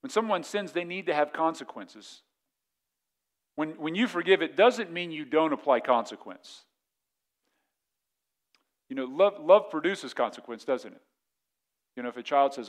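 A man's voice: mid-range voice, moderate pace. A man preaching as a pastor in a conversational way, often repeating words and asking the congregation questions. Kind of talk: sermon.

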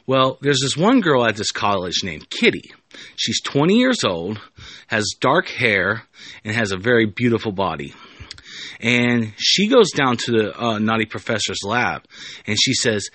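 A man's voice: fairly low pitch, big pitch swings, unhurried, sharp tone, dry recording. A man hosting a podcast, telling a story in a casual, rambling way with jokey asides. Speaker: podcast host.

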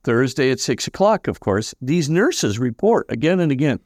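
An older man, a priest as guest, telling stories in an animated way and acting out the voices of the people in them. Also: medium pitch, normal speed, dry recording, studio quality. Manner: lively, acts out quoted voices, many fillers. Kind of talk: animated anecdotal storytelling.

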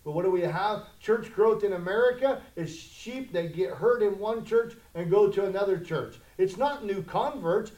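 A male pastor preaching a conversational sermon that swells into loud, emphatic challenges, in a church sanctuary. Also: sits high, moderate pace, hardly any pauses. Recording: echoey room.

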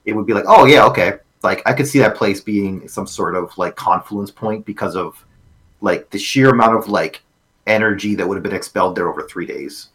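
Rambling man with a lowish voice. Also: brisk, fairly bright tone. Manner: rambling, lots of "like" and restarts, swears casually. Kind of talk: casual chat.

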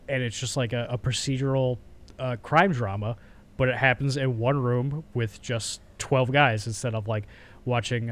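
A young man co-hosting a casual podcast chat, telling movie stories with lots of energy, acting out scenes and swearing casually. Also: medium pitch. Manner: animated storyteller, acts out scenes in voices, swears casually. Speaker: podcast co-host.

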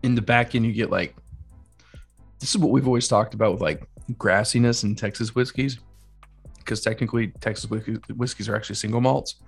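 A man's voice: lowish voice, steady tone, a little fast, creaky, breathy edge, faint music behind. A man co-hosting a casual whiskey-tasting podcast, describing flavors in a laid-back way. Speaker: podcast co-host.

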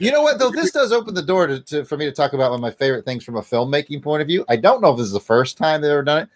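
A man co-hosting a casual movie podcast, enthusiastic and quick to laugh. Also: a little high, very animated, no room sound. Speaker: podcast co-host.

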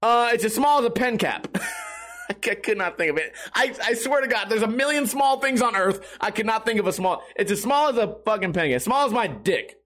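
A man's voice: sits high, animated, brisk, a bit bright. A man hosting a podcast, telling a rambling, profane, self-mocking comic story while a bit tipsy. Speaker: podcast host. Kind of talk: casual comedic storytelling.

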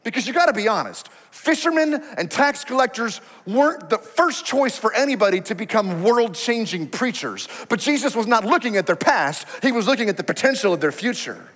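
A man's voice: sits high, a bit bright. A male pastor preaching a sermon in a conversational, emphatic way. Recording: reverberant hall.

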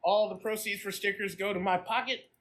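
A man's voice: sits high, fairly even intonation, fairly quick, fairly bright tone. A man co-hosting a casual podcast, joking and playful. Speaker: podcast co-host.

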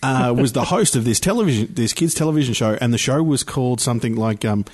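Halting man chatting. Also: mid-range voice, expressive, a little mellow, slightly rough. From Australia. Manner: rambling, halting storyteller. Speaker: podcast co-host. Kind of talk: casual chat.

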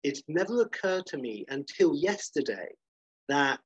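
A man's voice: on the high side, very animated, unhurried, husky, dry recording, highs cut off. A man co-hosting a podcast in casual chat, rambling and correcting himself as he goes. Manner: rambling, self-correcting, enthusiastic. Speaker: podcast co-host.

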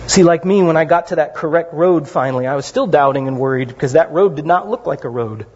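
Middle-aged male pastor, high husky voice, conversational sermon delivery; reverberant hall. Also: fast, slight background noise. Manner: conversational, animated storytelling with asides. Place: church sanctuary. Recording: dull lo-fi sound in a reverberant hall.

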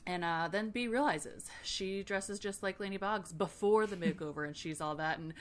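A young woman hosting a casual book recap, sarcastic, profane and animated. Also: medium pitch, moderate pace. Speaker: podcast host.

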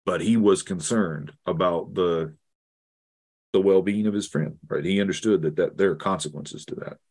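Earnest deep-voiced man telling a story. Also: darkish tone. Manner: earnest, halting, many restarts. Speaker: guest theologian. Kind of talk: reflective storytelling in conversation.

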